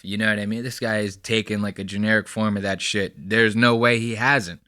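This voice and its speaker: A man's voice: on the low side, little pitch movement, fairly quick, hardly any pauses, sharp tone, no echo, studio quality. A young man hosting a podcast, giving blunt, profane, heated commentary on video clips. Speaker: podcast host. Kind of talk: casual commentary reacting to clips.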